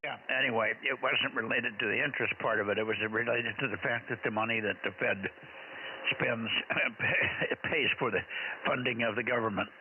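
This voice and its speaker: A man's voice: mid-range voice, fairly even intonation, moderate pace. A man running a ham radio net, chatting casually and rambling with many fillers. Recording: tinny radio with hiss.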